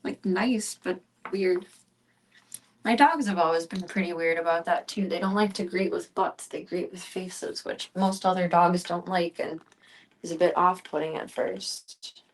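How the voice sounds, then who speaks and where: A woman streamer chatting casually at home in a rambling, easygoing way. She often drops into soft cooing as she talks to her pets. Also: on the low side, unhurried. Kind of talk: casual chat.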